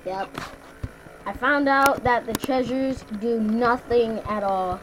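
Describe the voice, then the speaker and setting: A woman's voice: a little high, takes it slowly, background noise. A young woman co-hosting a gaming video in casual chat, rambling through stories with lots of "like" and "basically" and swearing freely.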